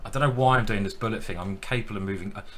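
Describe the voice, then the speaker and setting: A man's voice: fairly low pitch, rapid-fire, background noise. A man streaming his chess games, thinking aloud with self-deprecating commentary.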